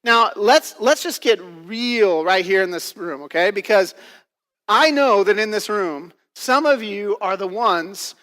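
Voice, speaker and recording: A man's voice: high voice, a little slow, pushed and bright, big-room sound. A man preaching a casual, conversational sermon to his church, full of fillers and frequent "right?" check-ins. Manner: casual, filler-heavy, keeps asking "right?". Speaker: pastor. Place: church auditorium.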